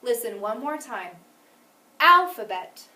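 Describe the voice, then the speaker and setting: Woman teacher for a phonics lesson. Bright, higher voice with a lot of lift, clear and deliberate, with each example word stressed. Recorded in an echoey room with the mic set back. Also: big pitch swings, recorded from a distance.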